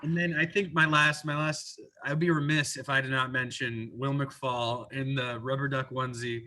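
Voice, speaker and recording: A man's voice: medium pitch, flat delivery, normal speed, sharp tone. A man who produces the show, chatting casually and enthusiastically, stumbling over his words as he tells stories. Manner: enthusiastic, stumbles and restarts, laughs while telling stories. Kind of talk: casual chat.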